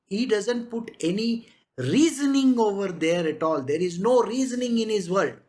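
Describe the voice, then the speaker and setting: A woman's voice: mid-range voice, lively intonation, moderate pace, warm tone. A woman spiritual teacher giving a conversational spiritual discourse, chatting along with frequent rhetorical questions.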